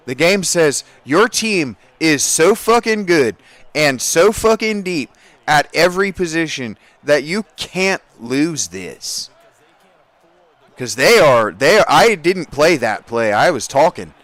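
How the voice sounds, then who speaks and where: Profane, excitable man ranting over gameplay. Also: no echo. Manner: swings from muttering low to loud outbursts. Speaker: gaming streamer. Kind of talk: casual gameplay commentary.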